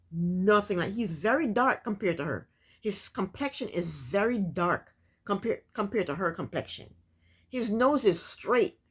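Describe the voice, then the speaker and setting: Lively, opinionated woman vlogger. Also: mid-range voice. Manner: opinionated, chatty, talks straight to viewers. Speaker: TV recap vlogger. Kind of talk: casual recap commentary.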